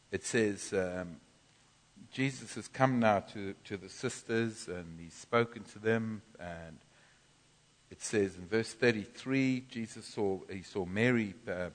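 A man preaching a sermon in a church, teaching from scripture with animated bursts of loud groaning. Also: on the low side, slow pace. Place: church hall. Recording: long church reverb.

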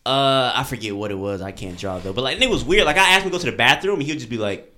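Young male podcast co-host, animated storyteller, quick, bright delivery. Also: medium pitch. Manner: animated, acts out quotes in shifting voices. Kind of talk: casual storytelling chat.

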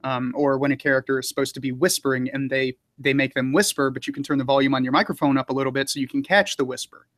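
A man's voice: mid-range voice, fast talker, few pauses, dry recording. A man who narrates audiobooks, talking casually in an interview with many fillers and small laughs. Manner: relaxed, rambling, frequent fillers and laughs.

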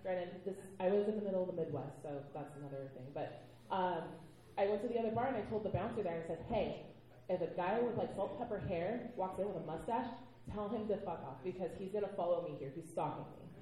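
A woman on a convention panel, telling blunt, animated stories and acting out what people said. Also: fairly low pitch, fast, very echoey, poor audio. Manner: blunt, animated storytelling with acted-out quotes.

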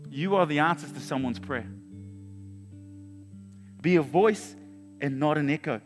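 A man in his forties preaches in a large church, telling stories with lively energy, restarting sentences and chuckling as he goes. His voice sits a little high for a man. Long reverb trails his words, with soft guitar playing underneath. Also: measured pace. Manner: animated, storytelling, restarts and chuckles. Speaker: pastor. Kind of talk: sermon with personal story.

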